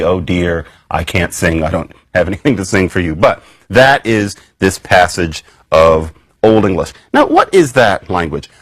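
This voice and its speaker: Male university lecturer, lively swooping delivery, lowish voice, dry close sound. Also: no echo. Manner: animated, wry, conversational, with sudden high leaps in pitch. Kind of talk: recorded academic lecture.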